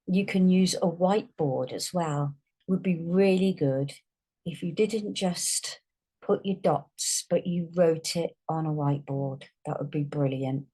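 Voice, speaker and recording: A woman giving a phonics lesson, slowly sounding out and stretching each word for young readers. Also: low voice, dark tone, breathy edge. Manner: slow, drawn-out sounding out of words. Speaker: teacher.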